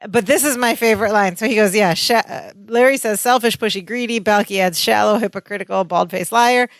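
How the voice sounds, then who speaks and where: A woman co-hosting a podcast, recapping a sitcom episode in casual chat, reading out quoted dialogue and chiming in quickly. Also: medium pitch, dry recording. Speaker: podcast co-host.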